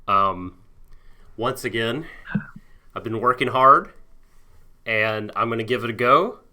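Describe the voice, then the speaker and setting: A man's voice: medium pitch, takes it slowly, sharp tone, a little hiss or hum. A man co-hosting a podcast in casual chat, playful and goofy, with hesitant fillers. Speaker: podcast co-host.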